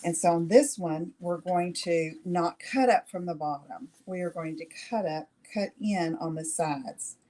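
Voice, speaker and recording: A woman's voice: lowish voice, measured pace, few pauses, dark tone. A middle-aged woman hosting a live craft demonstration, chatting with viewers and checking in with "okay?" after each step. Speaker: craft tutorial host.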